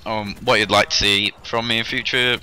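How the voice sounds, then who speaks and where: Bright-voiced young man telling a story. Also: fairly low pitch, little pitch movement, moderate pace. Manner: chatty, rambling, self-deprecating humour. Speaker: gaming YouTuber. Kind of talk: casual vlog storytelling over game footage.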